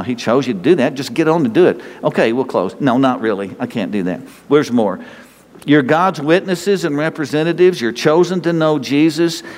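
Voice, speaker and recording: A man with a North Texas accent, a pastor giving a lively, conversational sermon full of rhetorical questions. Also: fairly high pitch, long reverb tail.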